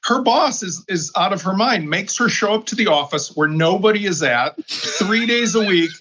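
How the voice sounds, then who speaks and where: A man's voice: sits high, animated, normal speed, sharp tone, husky, low-quality recording. A man on a tech podcast panel, talking in a blunt, combative, emphatic way. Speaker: regular panelist. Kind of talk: opinionated round-table chat.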